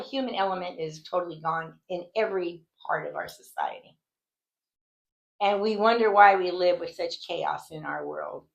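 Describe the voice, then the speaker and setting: Earnest woman with a lowish voice. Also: gravelly, rough recording. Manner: earnest, indignant, rambling with restarts. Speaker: Bible study teacher. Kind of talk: conversational devotional talk.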